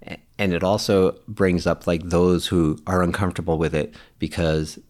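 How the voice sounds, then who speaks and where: Man, lowish voice, earnest, reflective, conversational. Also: normal speed. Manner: earnest, reflective, quotes others in animated voices. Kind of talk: casual conversation.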